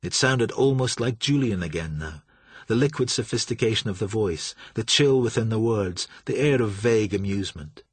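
Husky male audiobook narrator. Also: fairly low pitch, expressive, normal speed, dry recording.

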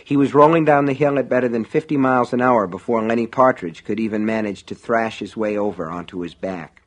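Male audiobook narrator, mid pitch, steady wry storytelling. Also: fairly quick.

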